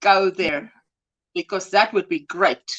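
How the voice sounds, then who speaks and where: A woman's voice: on the low side, takes it slowly, fairly bright tone, dull audio. A woman co-hosting a casual crochet livestream, reading out viewer comments fondly and laughing often. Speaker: livestream co-host.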